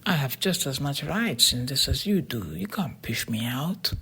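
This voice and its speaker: A sulky boy twin who pleads and whines, as a breathy narrator voices him. His lines rise higher in a storybook reading. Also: expressive, unhurried, sharp tone, full character voice. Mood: pleading. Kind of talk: storybook character voice.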